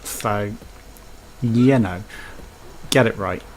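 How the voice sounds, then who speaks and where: A man's voice: lowish voice, very slow, slight background noise, poor audio. A man with a Birmingham accent giving chatty, rambling commentary while playing a video game. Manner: rambling, chatty, thinking aloud. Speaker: let's play host. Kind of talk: casual gameplay commentary.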